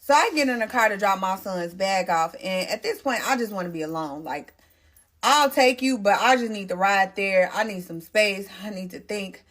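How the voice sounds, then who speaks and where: A young adult woman telling her own story in a casual storytime monologue, emotional and animated, talking straight to her viewers. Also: mid-range voice, moderate pace.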